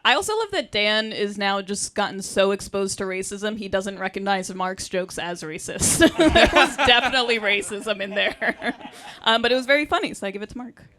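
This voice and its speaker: A woman's voice: mid-range voice, expressive, normal speed, fairly bright tone, slight background noise. A woman judging a roast battle with wry jokes and laughter. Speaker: judge. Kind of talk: judging comedy.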